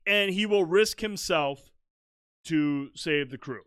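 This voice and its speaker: Tipsy, excitable man, loud and profane. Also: a little high, takes it slowly, smooth, no room sound. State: tipsy, slurring. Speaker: podcast co-host. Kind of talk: casual chat.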